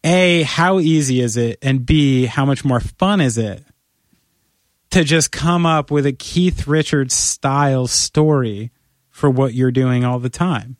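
Animated, persuasive man on a podcast. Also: slow pace, no room sound, studio quality. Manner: animated, playfully persuasive, talks in long run-on pitches. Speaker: podcast co-host. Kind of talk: casual podcast chat.

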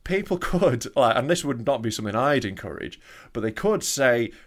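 A man's voice: medium pitch, big pitch swings, normal speed. A man co-hosting a comedy podcast, telling a rant-filled story with lots of swearing and acting out both sides of an argument. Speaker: podcast co-host. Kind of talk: casual comedy chat.

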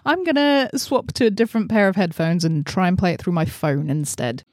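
Speaking a little fast in a lowish, slightly mellow voice, this channel host chats to camera from her messy bedroom office, giggly and self-deprecating. She uses a laptop setup with headphones, and the sound is studio quality with no echo.

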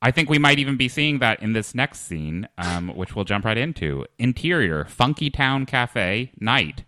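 A man hosting a comedy podcast reads stage directions during a comedic script read-through, sounding lively and upbeat. His voice is medium-pitched and his pace moderate.

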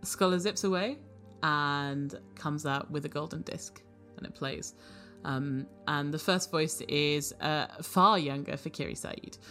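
A woman running a tabletop game, narrating casually with many halting fillers. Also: low-pitched, a bit bright, soft background music. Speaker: game master.

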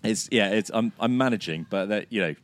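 A man co-hosting a casual cricket podcast outdoors, slightly hoarse from laryngitis, chatty and self-deprecating with many restarts. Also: fairly low pitch, brisk. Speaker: podcast co-host. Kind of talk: casual chat. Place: outdoors, sunny and breezy.

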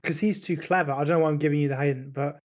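A man's voice: fairly high pitch, steady tone, fast talker. A man in casual podcast chat, rambling and hesitant, mocking himself. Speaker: podcast co-host.

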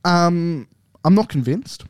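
A young man co-hosting a podcast in casual chat, relaxed and swearing freely. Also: high-pitched, no room sound, clean studio sound. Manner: relaxed, swears often, drawn-out phrasing. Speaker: podcast co-host.

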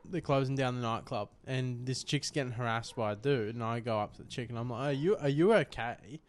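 A man's voice: mid-range voice, fairly even intonation, fairly quick. Young man, Australian accent, casual podcast, crude swearing anecdote. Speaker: podcast co-host. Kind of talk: casual storytelling chat.

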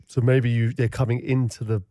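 A man's voice: mid-range voice, flat delivery, fairly quick, warm tone, no echo, clean studio sound. Teasing man in casual podcast chat. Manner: teasing, laughs often. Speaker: podcast co-host.

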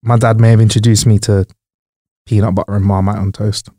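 A man's voice: on the low side, level tone, fairly quick, very noisy. A man co-hosting a casual podcast, rambling with many fillers and hesitations. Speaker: podcast co-host.

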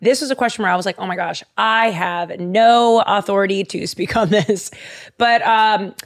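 A woman's voice: medium pitch, moderate pace. A woman hosting a podcast in casual chat, giggly and gushing, with many fillers, recorded in a studio. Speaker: podcast host. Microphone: studio microphone.

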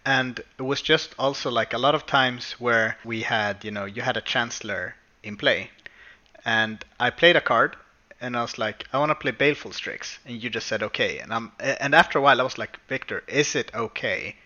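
A man in a casual podcast chat, telling stories with excitement and bursts of laughter. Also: mid-range voice, moderate pace, lo-fi sound.

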